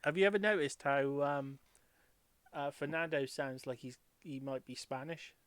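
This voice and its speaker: A man's voice: on the high side, normal speed, a bit bright. A man running a tabletop game who chats in a rambling way and laughs often. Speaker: dungeon master. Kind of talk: casual chat in a tabletop game stream.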